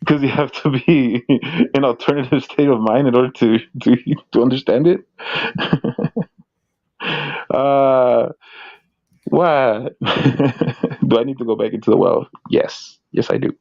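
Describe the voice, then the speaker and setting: A man's voice: medium pitch, unhurried, creaky, long pauses, a little mellow. A man co-hosting a casual livestream, giggling and making jokes at his own expense. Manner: giggly, self-mocking jokes. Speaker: stream co-host. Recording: dull lo-fi audio.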